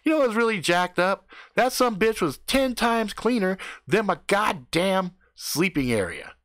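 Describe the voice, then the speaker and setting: A man improvising a profane comic horror story, swinging between loud outbursts and hushed suspense. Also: high voice, a little slow, no room sound, clean studio sound. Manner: profane, animated, drops to hushed tones for suspense.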